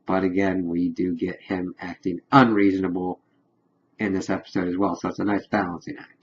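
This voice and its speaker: His voice sits low and the audio sounds dull as this man rambles excitedly through a casual spoiler review of a TV episode. He retells scenes, tossing in rapid paraphrased quotes.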